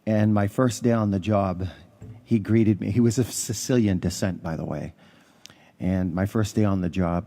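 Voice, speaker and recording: A man's voice: on the low side, normal speed, gravelly, mellow. A man, a parish priest, giving a conversational homily with stories and some fillers. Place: church.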